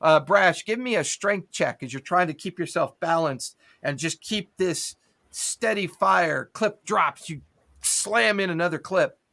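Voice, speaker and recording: Gravelly game master voicing gunfire. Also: male voice, sits high, unhurried, pushed and bright. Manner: vivid narration with gunfire sound effects. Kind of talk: narrating a tabletop game.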